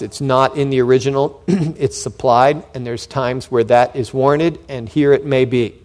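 A man preaching an expository sermon as a pastor, talking conversationally with frequent restarts and sudden emphatic rises in loudness. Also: medium pitch. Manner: frequent repeated words and restarts.

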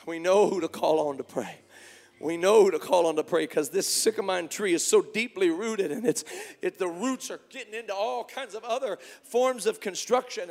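A man preaching as pastor, moving from quiet talk to shouted praise. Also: high voice, long reverb tail. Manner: preaching, swinging from soft to shouting. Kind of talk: sermon. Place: church sanctuary.

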